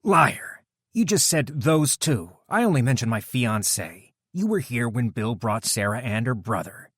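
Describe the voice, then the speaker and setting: A man's voice: medium pitch, animated, moderate pace, no echo, studio quality, voice pushed up, lightly acted. A man voicing a determined young man who interrogates captors coldly in an audiobook. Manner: cold, commanding, relentless. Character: determined young man hunting kidnapped fiancée.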